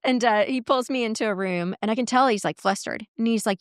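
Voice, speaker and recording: A woman guest in a podcast interview, telling workplace stories in an animated way and acting out quoted dialogue. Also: a little high, a little fast, dry recording, clean studio sound. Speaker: guest, marketing executive and coach.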